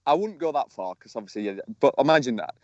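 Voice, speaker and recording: A man's voice: mid-range voice, big pitch swings, fast, a little mellow, no echo. A man co-hosting a podcast in casual chat, telling rambling, cheeky stories while calling in by phone from an outdoor field. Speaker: podcast co-host. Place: outdoors in a field, sitting on a tree stump. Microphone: mobile phone. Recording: dull lo-fi phone audio.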